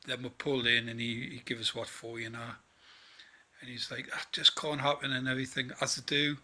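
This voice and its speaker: A man's voice: mid-range voice, flat delivery, a little fast, sharp tone. A tired man from northeast England, a trainee truck driver chatting in a rambling vlog about his day. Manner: chatty, rambling, many fillers and restarts.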